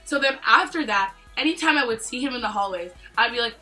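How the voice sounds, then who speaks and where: A young woman from Canada tells school stories in a casual vlog. Her voice is bright and slightly high, and she jokes and imitates people as she goes. Faint music plays behind her. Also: fast talker, hardly any pauses, poor audio. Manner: animated, joking, acts out quoted lines. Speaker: vlogger. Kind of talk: casual storytime chat.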